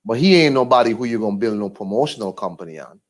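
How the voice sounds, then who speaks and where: With a fairly low, expressive voice and a quick pace, a boxing vlogger chats casually to camera. His monologue is loose and meandering, packed with fillers and restarts.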